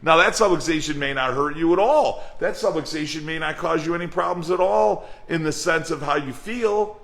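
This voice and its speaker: Bright-voiced man giving a coaching talk. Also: on the high side, moderate pace. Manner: earnest, repetitive, rhetorical questions; acts out dialogue in an everyday voice. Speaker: chiropractic coach. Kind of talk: motivational talk to colleagues.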